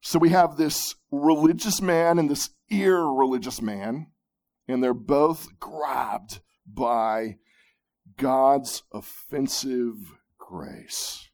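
A man preaching a sermon, emphatic, with dramatic pauses, at times dropping to a near-whisper. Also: mid-range voice, a little mellow. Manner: repeats words when restarting. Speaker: pastor.

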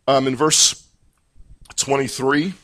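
A man preaching a sermon, teaching through a Bible passage in a measured, emphatic way. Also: medium pitch, little pitch movement, bright, forceful tone. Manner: measured, emphatic teaching delivery with pauses and restarts. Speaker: pastor. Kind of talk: expository sermon.

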